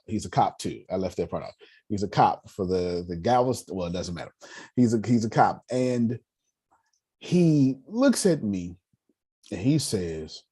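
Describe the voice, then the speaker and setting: Male finance teacher in his thirties, low husky voice, emphatic storyteller who repeats lines to drive them home. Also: darkish tone. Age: 30s. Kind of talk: lively motivational lecture to a live audience.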